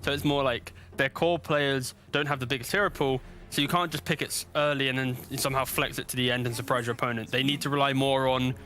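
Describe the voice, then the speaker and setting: A man's voice: mid-range voice, fairly even intonation, fast talker, hardly any pauses, sharp tone, faint music behind. A man with a British accent casting a live esports match, joking with co-casters and then laying out fluent draft analysis.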